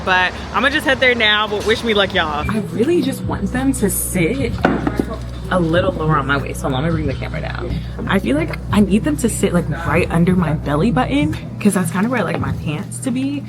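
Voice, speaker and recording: A young woman vlogging casually outdoors, chatting to viewers in a lively storytelling way, calling them y'all and girl. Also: medium pitch. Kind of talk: casual vlog chat to camera. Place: outdoors on loud city streets and in a park. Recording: noisy street recording with traffic.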